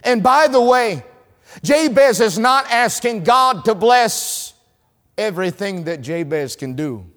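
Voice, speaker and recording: Slow, high-pitched Southern evangelist preaching. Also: male voice, expressive, long reverb tail. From North Carolina, USA. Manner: storytelling, swings between loud and hushed. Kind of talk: sermon.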